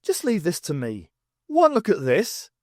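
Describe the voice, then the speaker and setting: A man's voice: high voice, wildly swooping pitch, measured pace, no room sound, clean studio sound, pitched above the performer's own voice, exaggerated voice. A man reading aloud, voicing a cocky young man who gasps for breath between words while running. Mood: smug. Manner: puffing, gasping between phrases.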